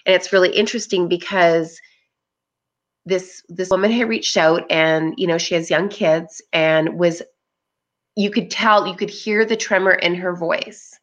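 A woman's voice: fairly low pitch, measured pace, fairly bright tone, dull audio. A woman being interviewed, talking in an earnest, reflective way. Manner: reflective, earnest, with frequent "you know". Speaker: interview guest. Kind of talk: casual interview conversation.

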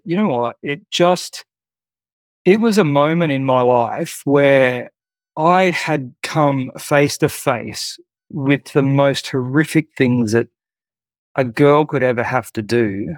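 A man's voice: medium pitch, slow pace, no room sound. A man, a guest earnestly telling a personal story in a conversational way with many fillers. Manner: earnest, heartfelt, with frequent fillers.

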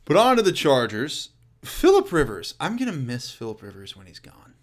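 A man hosting a casual solo sports talk show, blunt and profane, riffing with loud and quiet swings. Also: on the high side, wildly swooping pitch, normal speed.

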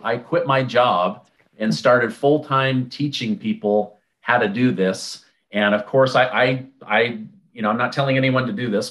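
Man telling a story with animated quoted dialogue. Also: medium pitch. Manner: conversational, with many restarts and fillers. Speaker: interview guest. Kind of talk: casual storytelling.

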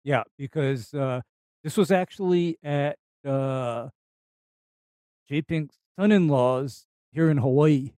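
A man's voice: fairly high pitch, takes it slowly, mellow, dry recording. A male co-host on a call-in show, talking in an emphatic, chatty way. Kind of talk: casual call-in show chat.

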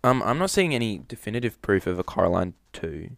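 A man's voice: on the low side, big pitch swings, a little fast, gravelly, background noise. A young man, hosting a podcast in casual chat, rambling with many fillers. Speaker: podcast host.

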